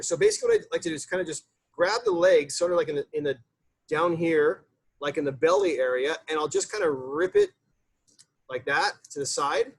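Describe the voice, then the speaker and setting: A man's voice: on the high side, slightly rough. A man, a chef, giving a casual cooking demonstration in a loose, chatty way with lots of fillers and restarts.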